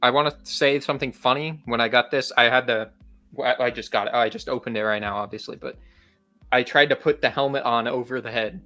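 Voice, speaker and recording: A man's voice: medium pitch, fairly quick, bright, forceful tone, faint music behind. A man hosting a casual livestream over a video call, talking in an easygoing way with frequent laughter and trailing sentences. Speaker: livestream host.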